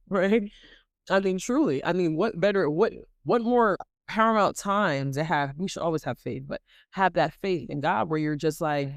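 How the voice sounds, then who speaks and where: A woman hosting a podcast who gives an animated, dramatic motivational faith talk and repeats points for emphasis. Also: lowish voice, moderate pace, no echo, studio quality. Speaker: podcast host.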